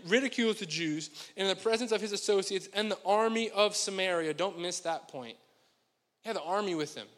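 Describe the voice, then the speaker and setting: A man with a high voice preaches in a church hall, and his words ring out with a long reverb. He keeps it conversational and joking and speaks straight to the congregation. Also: a bit bright. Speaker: pastor. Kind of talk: sermon. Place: church sanctuary.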